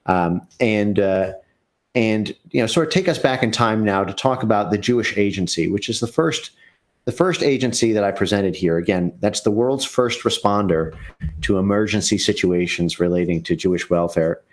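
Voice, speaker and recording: A man with a fairly low voice, speaking as a guest on a live-stream discussion. He talks in a halting way, often breaking off, restarting and filling his pauses with "uh". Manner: halting, full of "uh" fillers and restarts.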